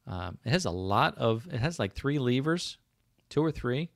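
Lively intonation marks this man's medium-pitched, creaky voice, heard at a moderate pace in echo-free studio audio. Hosting a casual livestream with a South Jersey/Philadelphia accent, he rambles through viewer comments, filling gaps and restarting sentences.

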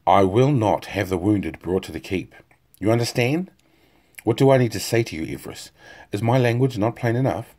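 A man's voice: low voice, fairly quick, a little mellow, husky. A man voicing an imperious, furious general who thunders his commands. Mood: angry.

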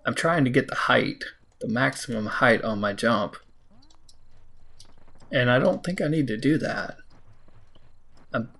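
An American man talks through his gameplay in a loose, chatty way, with a gravelly, fry-edged voice at a middle pitch. He teases himself, scolds the game and now and then jumps up into surprised high yelps. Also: expressive, takes it slowly, pauses often, a bit bright. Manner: self-mocking, talks to the game, sudden high exclamations. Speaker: let's play host. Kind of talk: casual gameplay commentary.

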